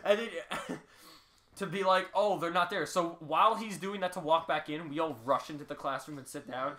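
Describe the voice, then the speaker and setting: Bright-voiced young man, laughing storyteller. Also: on the high side, normal speed. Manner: laughs often while telling stories, animated. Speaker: podcast co-host. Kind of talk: casual storytelling chat.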